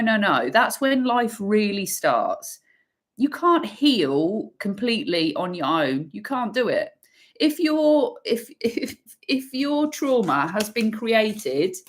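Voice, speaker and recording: A woman giving an intuitive tarot energy reading, emphatic and swearing freely, pausing and restarting as she pulls cards. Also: medium pitch. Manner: pauses and restarts while pulling cards. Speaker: tarot reader.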